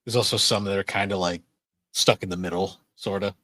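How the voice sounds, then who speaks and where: A man with a lowish voice co-hosts a podcast in loose, relaxed chat. He rambles through plenty of fillers and laughs often, and the recording sounds dry and close. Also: fairly quick, dry recording. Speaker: podcast co-host. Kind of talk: casual chat.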